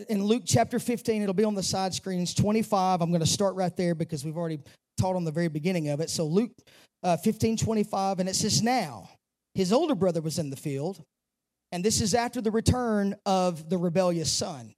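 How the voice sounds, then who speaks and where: A man's voice: high-pitched, moderate pace, a little mellow. A male pastor giving a sermon in a church, pushing his voice up on key phrases and dropping into chatty asides. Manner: preaches with rising emphasis and casual asides. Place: church sanctuary.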